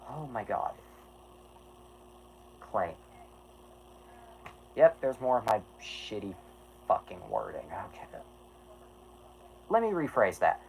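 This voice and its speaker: A man's voice: mid-range voice, big pitch swings, slow pace, pauses often, a little mellow, a little hiss or hum, poor audio. A man chatting casually on a livestream, rambling and apologetic, who swears and keeps restarting his sentences. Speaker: streamer.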